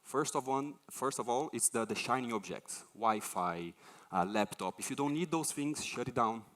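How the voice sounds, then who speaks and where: A man's voice: medium pitch, normal speed. A man giving a conference talk, telling stories and acting out the voices of people and things he quotes. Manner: animated storytelling, acts out quoted voices. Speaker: conference speaker.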